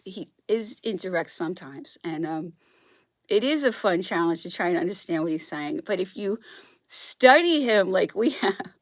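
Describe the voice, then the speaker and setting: A woman's voice: on the low side, no echo, clean studio sound. A woman vlogger talking alone in a casual monologue, rambling and emphatic, often restarting and repeating herself.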